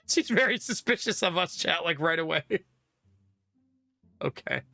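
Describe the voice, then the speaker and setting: Guy streaming a game, gravelly but bright, dry close mic, faint game music under it, keeps laughing at chat. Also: on the high side, unhurried, dry recording. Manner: excitable, laughing asides to chat. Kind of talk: let's play commentary reading aloud.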